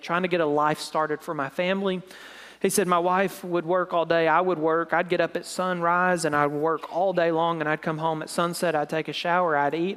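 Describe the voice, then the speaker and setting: In sermon style, a preacher retells a dramatic story, his voice falling soft and low at the emotional moments. A long hall reverb surrounds him.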